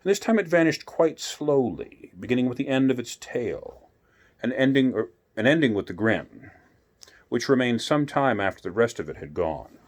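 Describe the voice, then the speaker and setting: A man reading a children's classic aloud as a bedtime story, gentle and unhurried, adding asides to the listener. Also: medium pitch, sing-song.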